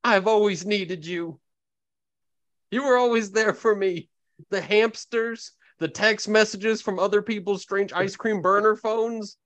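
A man's voice: high voice, a little slow, a bit bright, dry recording, voice pushed up. A man voicing a wounded young man who pleads with lovesick devotion in a tabletop role-play. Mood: pleading.

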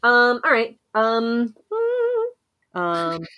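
Woman player, lowish voice that swoops a lot, playful and hesitant, dry sound. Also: huge pitch swings, extremely slow, pushed and bright, no room sound, dull audio. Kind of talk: casual tabletop game play.

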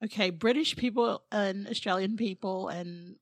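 A chatty woman in relaxed podcast banter, giggling and fumbling for the right words. Her pitch sits in an ordinary middle range. The recording is dry and close. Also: normal speed, no room sound. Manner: chatty, laughing, hesitant with fillers. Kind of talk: casual chat.

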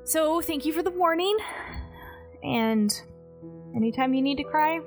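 Soft, reassuring girlfriend, a woman in her own voice, slightly raised pitch, faint music behind. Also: animated, a little slow. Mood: tender. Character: gentle young woman, devoted girlfriend.

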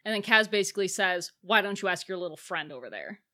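A woman co-hosting a podcast speaks fast at a medium pitch, animatedly recapping a film in casual chat. She acts out the characters' lines as she goes.

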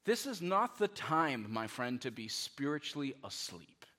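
A man preaching a sermon as pastor, animated and conversational, with many rhetorical questions. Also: medium pitch, measured pace.

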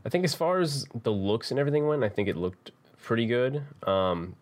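A man's voice: mid-range voice, sing-song, a little fast. A man co-hosting a movie podcast in casual chat, laid-back and rambling with many fillers. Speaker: podcast co-host.

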